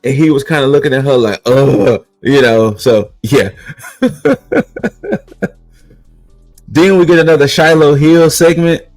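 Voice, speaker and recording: A man's voice: on the high side, steady tone, brisk, hardly any pauses, a little mellow, no echo, faint music behind, low-quality recording. A man co-hosting a podcast, recapping in casual chat and rambling with repeated restarts. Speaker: podcast co-host recapping wrestling.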